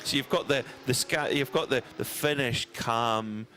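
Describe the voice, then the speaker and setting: A man with a Scottish accent, leading live motorsport commentary in a chatty, relaxed style from the commentary box. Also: mid-range voice, unhurried. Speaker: lead race commentator.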